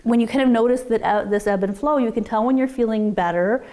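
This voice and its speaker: A woman's voice: fairly high pitch, fast, darkish tone. A middle-aged woman from Minnesota, a marriage therapist giving casual advice and acting out bits of everyday dialogue. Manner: chatty, acts out quoted dialogue.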